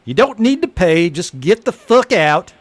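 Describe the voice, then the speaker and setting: Brief: man putting on an angry backwoods bartender, shrill and yelling, mean and mocking. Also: very animated, measured pace, dry recording, full character voice. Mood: furious. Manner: shouting, high and strained. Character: angry rural male bartender, hot-tempered and mocking.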